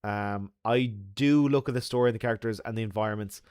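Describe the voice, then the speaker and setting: A man's voice: lowish voice, a little fast, darkish tone, clear, resonant tone, dry recording, clean studio sound. An Irish man hosting a live stream, reading viewer comments and chatting in a loose, jokey way with lots of laughs and fillers. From Ireland. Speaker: livestream host.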